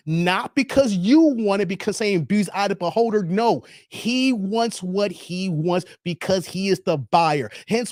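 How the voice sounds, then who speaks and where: A man hosting his channel, giving passionate, profane, lecturing commentary on a livestream, swinging between loud bursts and muttered asides. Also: high-pitched, no room sound, clean studio sound. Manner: repeats the filler "here", swings between loud and quiet. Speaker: channel host reacting to a livestream.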